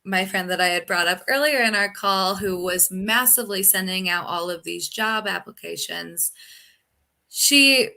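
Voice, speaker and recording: A woman's voice: mid-range voice, a little slow, gravelly, bright, forceful tone. A young woman, a technical recruiter, chatting on a live video call interview with lots of ums and you-knows. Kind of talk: casual live-stream interview.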